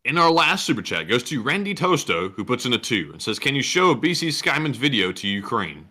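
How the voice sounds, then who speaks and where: Man, co-host reading chat messages, crisp and animated. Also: medium pitch, a little fast.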